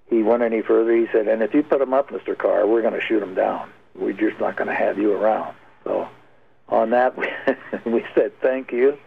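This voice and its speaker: An older man telling a long story as a guest on a radio interview, halting and rambling with many fillers. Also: fairly low pitch, vocal fry, phone-quality sound.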